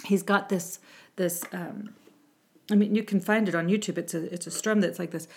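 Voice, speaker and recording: A woman's voice: fairly low pitch, steady tone, normal speed, darkish tone. A woman who sings for a music ministry, talking casually to viewers before a song, chatty and meandering with frequent asides. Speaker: music ministry singer and host.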